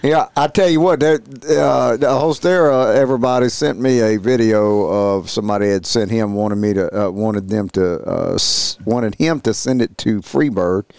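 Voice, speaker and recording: A man's voice: fairly low pitch, normal speed, creaky, hardly any pauses, darkish tone, smooth, dry recording. A man co-hosts a podcast with blunt, profane talk and a lot of rambling restarts. His voice sits in an ordinary middle range, recorded dry and close with no room sound. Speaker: podcast co-host. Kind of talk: casual banter.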